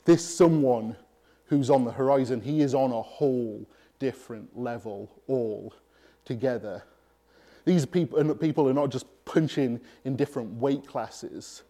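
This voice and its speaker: A man preaching a sermon, emphatic and pausing deliberately between phrases. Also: medium pitch, warm tone.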